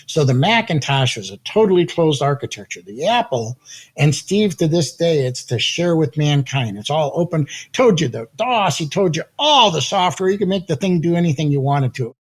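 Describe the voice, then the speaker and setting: An older man, a guest in an interview, telling animated stories with a slightly husky voice, acting out quotes and laughing often. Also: fairly high pitch, moderate pace. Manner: lively anecdotes, acts out quotes, laughs often. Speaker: guest, audio company founder. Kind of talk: animated storytelling in conversation.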